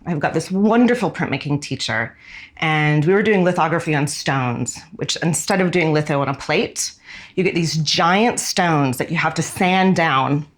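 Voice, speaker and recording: Low-pitched woman in her 40s, american, thoughtful storytelling, slows down on the big words. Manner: candid and reflective, often slowing down on key words. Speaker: fashion designer. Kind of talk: reflective personal storytelling.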